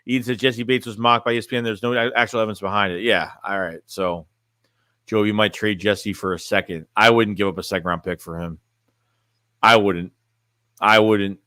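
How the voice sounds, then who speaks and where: A forceful, bright voice on the low side belongs to a man livestreaming as a sports fan. He chats casually and bluntly, reading the chat, rambling, and restarting his phrases, with studio-quality sound and no echo.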